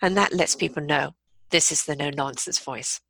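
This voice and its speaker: A middle-aged woman telling a personal story and giving calm, earnest life advice. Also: sits low, moderate pace, creaky, no echo. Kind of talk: motivational talk with personal story.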